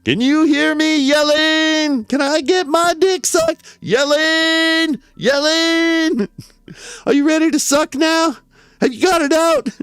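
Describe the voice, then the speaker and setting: A man doing a shrill, yelling defendant. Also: moderate pace, no room sound, clean studio sound. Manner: crude, taunting, yelling. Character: loud defiant male defendant in court. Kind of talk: dramatic reading of a trial transcript.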